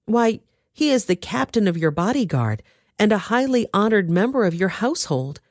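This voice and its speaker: A woman's voice: mid-range voice, sing-song, normal speed, darkish tone, dry recording, studio quality, pitched above the performer's own voice. A woman reading an older male priest who defends himself deferentially before a king. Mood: pleading. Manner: pleading, deferential.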